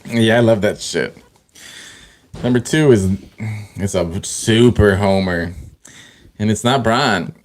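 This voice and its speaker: A man's voice: fairly low pitch, takes it slowly, long pauses. A man co-hosting a sports podcast, talking in a loose, profane, joking way. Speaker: podcast co-host. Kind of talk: casual sports chat.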